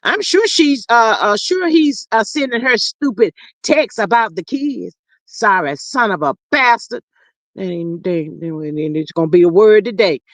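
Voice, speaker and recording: A livestream host casually reads viewer chat aloud and answers with playful, slangy asides and drawn-out hums. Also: medium pitch, lively intonation, a bit bright, no room sound. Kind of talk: casual commentary.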